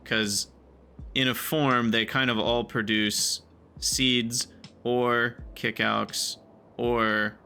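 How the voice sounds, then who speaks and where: A man's voice: mid-range voice, level tone, extremely slow, pushed and bright, clear, resonant tone. A man giving casual gameplay commentary, thinking aloud and muttering to himself as he plays. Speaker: gaming video creator.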